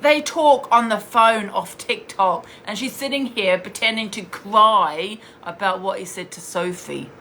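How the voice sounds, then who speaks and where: A woman's voice: mid-range voice, measured pace, few pauses, pushed and bright, a little hiss or hum. A woman streaming live, bluntly and scornfully ranting while she answers viewers' comments. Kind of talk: heated live-stream rant.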